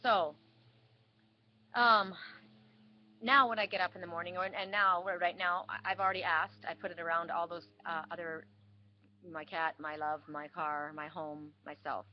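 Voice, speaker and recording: A woman's voice: lowish voice, flat delivery, normal speed. A woman giving a weekly spiritual card reading, telling a story with many restarts and repeats. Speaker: oracle card reader. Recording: dull lo-fi sound with faint hiss.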